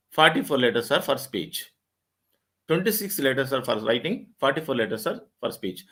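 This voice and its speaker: A middle-aged man with an Indian English accent and a slightly high, somewhat bright voice gives an English lecture in a webinar. He explains things step by step and repeats key points.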